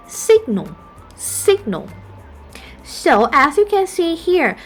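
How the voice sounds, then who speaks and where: A woman who speaks English as a second language, teaching a phonetics lesson and saying each example word twice with care. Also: a little high. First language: not English. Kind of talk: slow spoken lesson.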